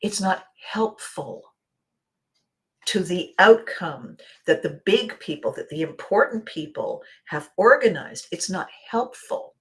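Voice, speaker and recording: A woman hosting a motivational monologue, acting out little scenes and dropping to a soft near-whisper for emphasis. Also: on the low side, very animated, takes it slowly. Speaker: podcast host.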